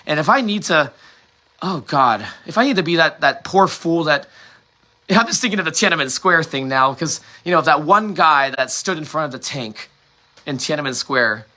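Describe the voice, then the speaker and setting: A man's voice: on the high side, expressive, moderate pace, sharp tone. A man from the United States hosting a solo monologue, impassioned and rambling, swearing often and restarting his sentences. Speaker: host.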